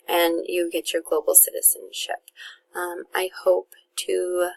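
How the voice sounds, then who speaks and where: Lady teacher, young, kinda low and gravelly, flat tone, lots of ums while explaining her class. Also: unhurried. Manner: casual, friendly, many fillers and restarts. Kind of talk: course introduction to students and parents.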